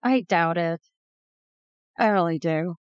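A woman's voice: lowish voice, slow pace, dry recording, lo-fi sound. A woman co-hosting a podcast, chiming in with brief, wry replies. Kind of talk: casual chat.

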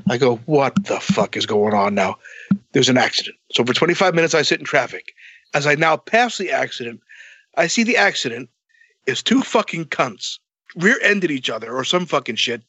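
A man telling a long story in a casual, animated way, swearing a lot and acting out both sides of the dialogue. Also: a little high, fairly quick, husky, no room sound, muffled recording.

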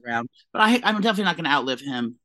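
A man's voice: mid-range voice, lively intonation, sharp tone, dry recording. A man co-hosting a podcast, chatting casually and telling dramatic gossipy stories. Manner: fast, gossipy, dramatic storytelling. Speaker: podcast co-host. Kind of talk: casual chat.

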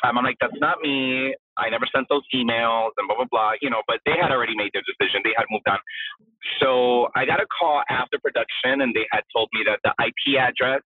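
A man who is a drag performer, a guest telling his story in a casual interview, animated and acting out the voices of the people he quotes. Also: medium pitch, fairly quick, no echo. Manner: animated, acts out quoted voices, says "blah, blah, blah". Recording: tinny phone-line sound, husky and dry.

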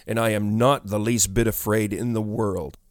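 A man's voice: on the low side, steady tone, normal speed, no echo, clean studio sound, lightly acted. A man reading the lines of a tearful woman who speaks with compassion to a ghost. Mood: tender.

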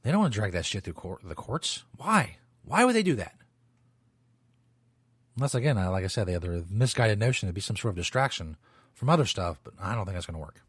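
A man's voice: on the low side, very animated, brisk, slightly rough, no echo, clean studio sound. A man hosting a talk radio show, rambling loosely and swearing as he comments. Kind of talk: casual talk radio monologue.

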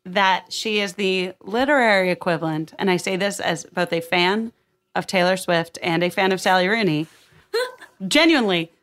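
A young woman hosting a casual book discussion, thinking out loud with frequent restarts. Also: lowish voice, moderate pace. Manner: thinks aloud with restarts, animated.

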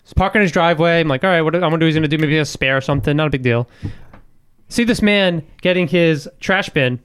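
A man's voice: fairly high pitch, quick pace, fairly bright tone, clear, resonant tone. A young man on a casual podcast, telling a story with swearing and acting out the quotes. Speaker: guest storyteller.

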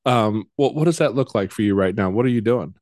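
A man hosting a conversational interview in a relaxed, stop-start manner. He repeats words as he gathers his thoughts. The sound is very dry and close. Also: lowish voice, a little fast, dry recording. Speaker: podcast host.

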